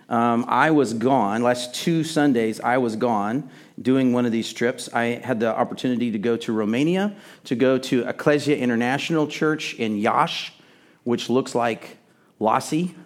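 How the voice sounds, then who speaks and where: A worship pastor from Texas speaking to his church congregation in a loose, friendly, conversational way, often restarting his sentences. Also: medium pitch. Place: church service before a congregation. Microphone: sound system microphone.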